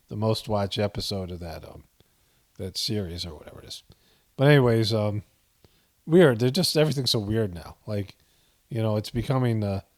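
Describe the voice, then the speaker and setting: A man's voice: fairly low pitch, a little mellow. A man hosting a casual video commentary, rambling with frequent chuckles and fillers. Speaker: commentary channel host.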